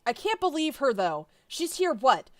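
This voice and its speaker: A woman puts on an indignant young woman, her voice raised and swooping wildly. She sounds jealous and bossy, loud with exasperation. The sound is close and dry. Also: sits high, very animated, normal speed, no room sound, voice pushed up.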